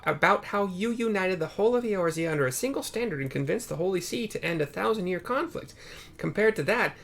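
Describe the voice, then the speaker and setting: A man's voice: sits high, a bit bright, pitched above the performer's own voice. A man putting on an eager young woman reporter. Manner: eager, upbeat.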